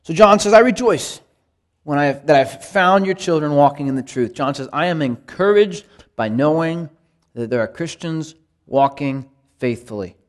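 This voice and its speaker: At a normal speed and with a voice on the high side, a man gives a Bible study in a conversational, sermon-like way. He's emphatic and earnest, and his voice rises with life when he quotes scripture.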